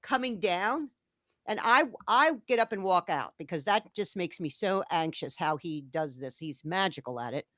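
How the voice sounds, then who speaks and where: A woman co-hosting a relaxed chat, her voice sitting on the low side. She spins an animated story and plays out each line of dialogue. The sound is dry and close, with no room echo. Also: moderate pace. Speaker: co-host. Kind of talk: casual chat.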